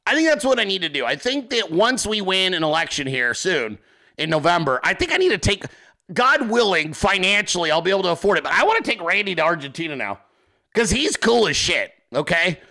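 A male host giving excitable, profane political commentary, laughing often as he talks. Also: high voice, fairly quick, creaky. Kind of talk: casual commentary.

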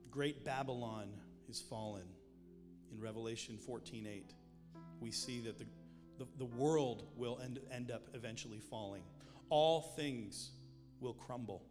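A man delivers a sermon in a loose, conversational way, slipping in jokes between emphatic points. His voice sits in a middle register. It carries through a long, reverberant hall while music plays clearly underneath. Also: mid-range voice, slow. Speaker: preacher.

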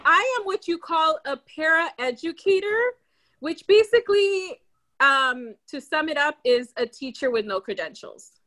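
Woman, high bright voice, very lively, casual podcast chat. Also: measured pace. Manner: animated, laughs often. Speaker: podcast guest.

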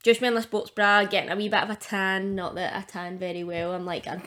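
A woman's voice: medium pitch, little pitch movement, brisk, fairly bright tone. A young Scottish woman co-hosting a casual podcast as a coach, chatty and rambling, laughing often between her points. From Scotland.

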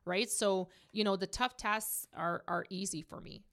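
Animated woman telling stories. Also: mid-range voice, unhurried, creaky. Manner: animated storyteller, acts out quoted dialogue. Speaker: mortgage broker. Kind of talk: casual chat.

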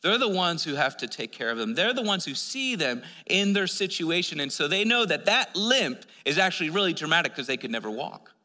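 A man's voice: fairly high pitch, big pitch swings, fairly quick, few pauses, sharp tone. A man preaching a sermon, telling stories in a conversational way with many restarts. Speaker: pastor. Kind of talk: sermon with storytelling. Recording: long hall reverb.

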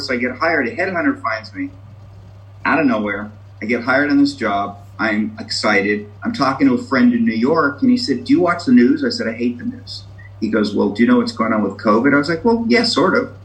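A man's voice: medium pitch, a bit bright, poor audio. Brief: man, self-mocking and candid, sharing his story on a video call. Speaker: meeting member sharing. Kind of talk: recovery meeting share.

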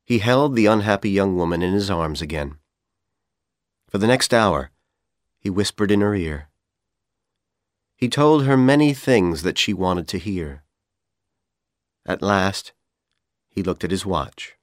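Male audiobook narrator, native Persian speaker, lowish voice, lively swooping intonation, dry close-miked sound. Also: unhurried, long pauses, dry recording. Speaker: audiobook reader.

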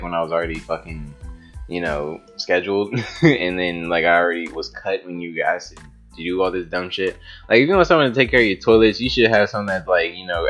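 Young man, deep low voice, casual rambling story, profane, lots of "like" fillers, faint music behind. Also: fairly bright tone. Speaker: vlogger telling a story.

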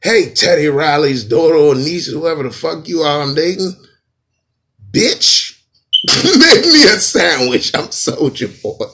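A man doing an impression of a brash young male rapper, with swaggering, shouted boasts. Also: high voice, wildly swooping pitch, slow pace, vocal fry, voice pushed up, heavily acted. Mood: cocky.

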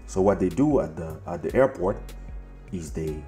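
Animated male storyteller. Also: low voice, normal speed, faint music behind. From France. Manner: animated, acts out dialogue. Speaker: host. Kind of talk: storytelling on a live show.

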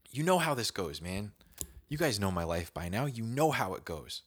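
Young man, podcast host, low pitch, very lively intonation, bright tone, slangy storytelling. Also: normal speed. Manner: animated, slangy, acts out moments with whispers and shouts. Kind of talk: casual storytelling monologue.

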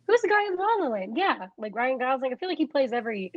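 A young woman co-hosting a casual podcast chat, talking in a chatty way with quick asides and frequent laughs. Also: sits high, sing-song, dry recording, muffled recording. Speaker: podcast co-host.

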